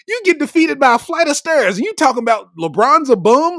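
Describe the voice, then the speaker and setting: High, lively-voiced male comedian. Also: fast talker, hardly any pauses, dry recording, clean studio sound. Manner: animated, slangy, laughs at his own jokes. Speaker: comedian podcast host. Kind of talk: comedic monologue.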